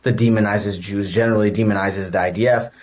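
A man speaking as an educator and interview guest, answering in measured, structured points with frequent uh and um. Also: lowish voice, fairly even intonation. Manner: measured, many fillers.

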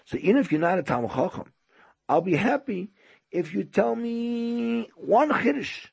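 A man's voice: lowish voice, animated, unhurried, darkish tone, husky, dry recording, full character voice. A man voicing an older male host who keeps pleading and insisting with a guest.

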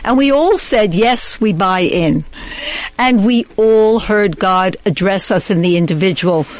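A woman's voice: medium pitch, measured pace, poor audio. A woman hosting a discussion on faith and marriage, thoughtful and affirming. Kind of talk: reflective religious discussion.

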